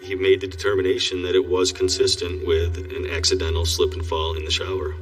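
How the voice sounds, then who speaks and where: A man's voice: sits low, completely flat delivery, a little fast, recorded from a distance, soft background music. A man, a police investigator, speaking in a plain matter-of-fact way in an interview.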